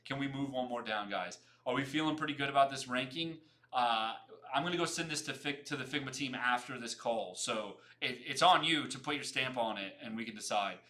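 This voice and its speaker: A young man hosting a casual livestream, talking fast, repeating himself and greeting viewers by name as he chats. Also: mid-range voice, bright, forceful tone. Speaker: livestream host.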